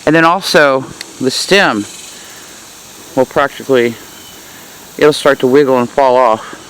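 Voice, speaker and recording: A woman's voice: rumbling low, a little slow, a little hiss or hum, poor audio. A woman giving a casual, chatty tour of her backyard garden in the heat, hot and sweaty and laughing at herself. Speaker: gardening vlogger.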